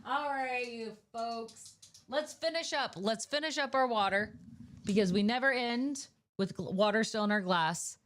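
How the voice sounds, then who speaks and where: A woman's voice: on the high side, unhurried, a bit bright. A young woman streamer chatting casually at the end of a stream, playful and talkative. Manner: chatty and playful, baby-talks to her dog.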